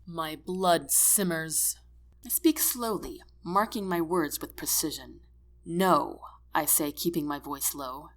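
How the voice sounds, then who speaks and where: A woman narrating a first-person audiobook with expressive, emotional storytelling. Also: sits low, a little slow.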